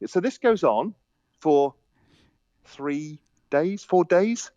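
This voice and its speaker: A man telling stories on a podcast as a guest, animated, laughing, quoting the people in them. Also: fairly high pitch, drawn-out words, no room sound, lo-fi sound. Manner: animated anecdotes with laughter and quoted dialogue. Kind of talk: casual storytelling.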